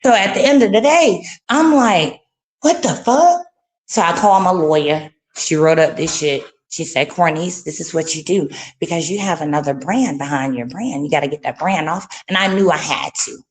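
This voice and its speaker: A woman telling a heated story in casual, profane speech, breaking into loud, high exclamations. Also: lively intonation, moderate pace, few pauses.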